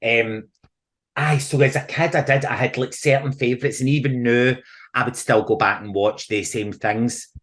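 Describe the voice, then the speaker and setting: A middle-aged Scottish man, a podcast guest, chatting casually and telling animated stories with frequent laughs. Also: medium pitch, normal speed. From Scotland. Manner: animated storyteller, laughs often. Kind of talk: casual chat.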